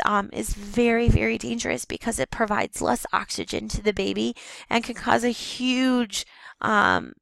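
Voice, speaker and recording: A woman teacher, giving a recorded lecture over slides in a plain, steady way with many "um"s and restarts, her voice rough that day. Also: medium pitch, no echo. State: voice not at its best.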